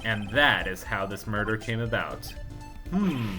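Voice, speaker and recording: A low-pitched man reads a courtroom game's dialogue aloud, jumping between the characters' lines and his own silly jokes. He keeps it loose and playful. Game music plays clearly behind him. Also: fairly even intonation. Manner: jokey, riffs and puns between lines, quick asides. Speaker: let's play host reading game dialogue aloud. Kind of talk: playful let's play narration with voiced characters.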